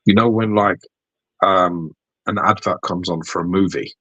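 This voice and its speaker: British man, very low husky voice, dry sound, animated sweary podcast rants. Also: normal speed, dry recording, lo-fi sound. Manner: animated ranting, swears freely. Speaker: podcast co-host. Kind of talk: casual chat.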